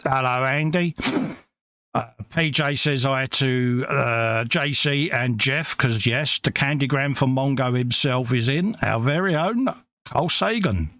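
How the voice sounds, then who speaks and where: A man's voice: mid-range voice, a little slow, a bit bright, dry recording, clean studio sound. A man hosting a casual livestream from his workshop, reading out chat messages and calling everyone mate. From England. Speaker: livestream host.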